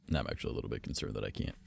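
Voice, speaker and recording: A man's voice: a bass voice, creaky, a little mellow, slightly rough. A young man with a stuffy nose, streaming and rambling casually, swearing and playing mock-offended. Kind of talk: casual chat.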